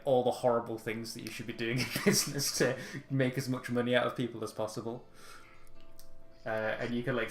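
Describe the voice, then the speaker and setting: Brief: casual male game master, mid-pitched, rambling, room echo with faint music. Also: a bit bright. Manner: casual, rambling, laughing often. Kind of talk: narrating a tabletop game.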